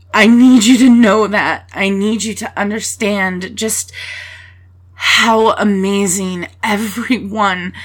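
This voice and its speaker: A woman murmurs a whispered role-play in a slow, unhurried way. Her voice is breathy and hushed, and she drops casual swears into gentle, reassuring talk. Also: medium pitch.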